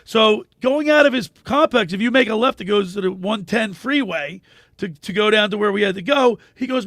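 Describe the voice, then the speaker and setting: Animated guy on sports radio, high and bright, laughs at his own stories. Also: a little fast, dry recording, clean studio sound. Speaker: radio sports show host. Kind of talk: casual radio chat and storytelling.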